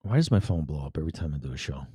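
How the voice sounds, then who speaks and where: Animated, blunt-talking man. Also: a bass voice, very fast, husky, dry recording, studio quality. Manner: blunt, profane, animated storytelling. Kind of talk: personal storytelling monologue.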